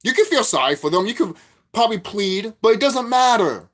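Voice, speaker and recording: Profane ranting man, lively pitch. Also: a little fast. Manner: profane, repetitive, preachy. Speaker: vlogger. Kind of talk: spiritual rant monologue.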